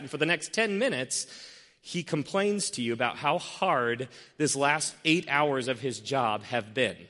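A man delivers a sermon in a mid-range voice, animated and storytelling. He acts out everyday scenes with shifting energy. The sound rings with the long reverb of a large hall. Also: mid-range voice, normal speed. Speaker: pastor.

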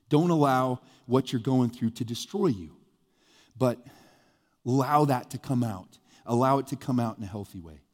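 A man's voice: slightly rough, in a large hall. A male pastor, giving a conversational sermon with sudden bursts of emphasis. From US Midwest. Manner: conversational, animated preaching with sudden rises in pitch and volume.

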